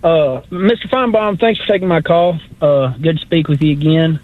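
A man's voice: a little high, moderate pace, slight background noise. A male caller on a radio show who talks politely and rambles, with many fillers. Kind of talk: radio call-in chat. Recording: tinny phone line.

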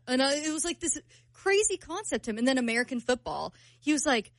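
A young woman on a radio show, acting out both sides of a dating story in lively casual chat. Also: high voice, quick pace, dry recording. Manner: animated storytelling, acts out both sides of the date. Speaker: guest telling a dating story.

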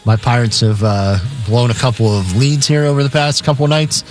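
Guy reading sports betting lines on the radio, plain mid voice, some uh's, soft music back. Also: medium pitch, fairly quick. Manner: reads odds matter-of-factly, filler "uh".

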